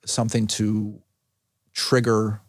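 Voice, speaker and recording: A middle-aged man, a medical school dean and liver doctor, speaking thoughtfully in a casual interview with many pauses and restarts. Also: lowish voice, level tone, no echo, studio quality. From New York City.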